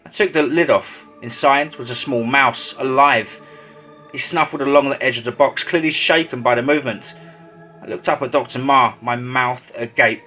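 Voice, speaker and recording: A man narrating a horror story in a steady, dramatic storytelling voice. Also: medium pitch, moderate pace. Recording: slightly dull lo-fi audio with faint music.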